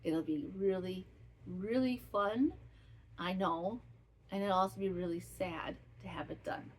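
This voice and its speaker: A woman's voice: lowish voice, a little slow, a little hiss or hum. A woman hosting a podcast who chats casually in a rambling, heartfelt way. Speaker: podcast host. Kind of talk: casual chat.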